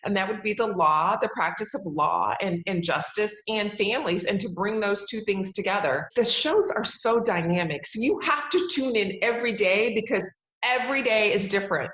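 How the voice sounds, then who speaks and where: A woman's voice: mid-range voice, moderate pace, fairly bright tone. A woman in her forties, a TV judge being interviewed, talking in an upbeat, emphatic way and laughing often. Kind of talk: casual interview talk. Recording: roomy echo.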